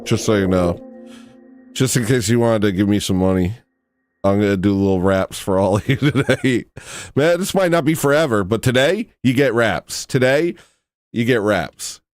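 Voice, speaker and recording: Man, livestream host, lowish voice, rambling, self-mocking, faint music behind. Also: lively intonation, moderate pace, darkish tone, no echo. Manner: rambling, self-deprecating, goofy. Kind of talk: casual livestream chat.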